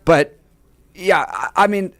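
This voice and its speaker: A man co-hosting a talk radio show, talking in a measured way and thinking aloud with small restarts. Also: high-pitched, expressive, gravelly, fairly bright tone, no room sound.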